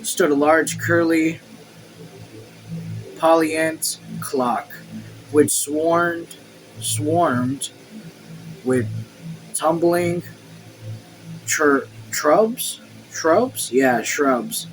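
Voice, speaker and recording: A man reading a novel aloud casually, slow and halting over words, breaking off for chatty asides. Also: fairly high pitch, a little hiss or hum, rough recording. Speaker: read-along host.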